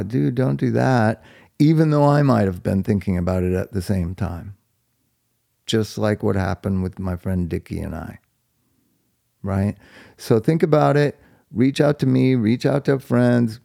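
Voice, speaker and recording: A man's voice: mid-range voice, vocal fry, dark tone, no room sound, clean studio sound. A middle-aged man talking candidly in a blunt, profane and heartfelt way, rambling and restarting his sentences. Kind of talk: candid monologue.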